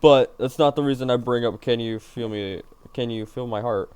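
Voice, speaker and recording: A man's voice: medium pitch, moderate pace, darkish tone, clean tone, dry recording. A man streaming a game, rambling and joking to himself and his viewers in a tired, self-mocking way. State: yawning, tired. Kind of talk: casual gaming stream chatter.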